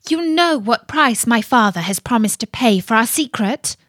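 Woman reading as Princess Lena, proud and sharp. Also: on the high side, sing-song, slow pace, breathy edge, no room sound, clean studio sound, full character voice. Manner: imperious, demanding questions.

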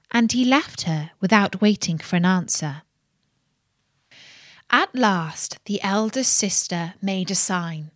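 Slow, soft-spoken woman telling a bedtime story. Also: mid-range voice, no room sound, studio quality. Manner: soft, slips into whispers.

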